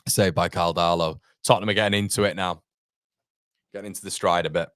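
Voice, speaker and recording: A man's voice: low voice, fairly even intonation, fast, fairly bright tone, no echo, clean studio sound. A man hosting a fan watchalong, calling the match live play by play and answering viewer chat, with partisan exasperation. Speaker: fan channel host.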